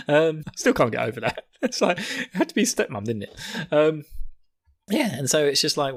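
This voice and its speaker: Animated man, laughing recap. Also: a little high, moderate pace, pauses often. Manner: laughing often, swearing, animated. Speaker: podcast host. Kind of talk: casual anime episode recap.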